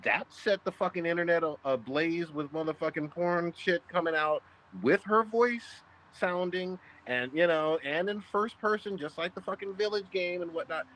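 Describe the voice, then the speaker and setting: A man's voice: high voice, normal speed, hardly any pauses, fairly bright tone, poor audio. Crude, emphatic storytelling man. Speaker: podcast co-host. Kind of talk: casual chat, storytelling.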